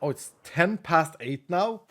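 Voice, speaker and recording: Chatty male streamer, slightly high voice. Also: expressive, takes it slowly, a bit bright. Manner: chatty, laughs often, talks to chat. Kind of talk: casual live-stream chat while gaming.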